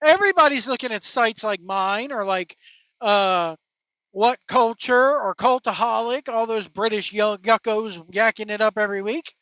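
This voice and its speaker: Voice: mid-range voice, normal speed, a bit bright, dry recording. A wrestling show host giving casual, informal commentary with slangy, emphatic phrasing. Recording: dull lo-fi, dry.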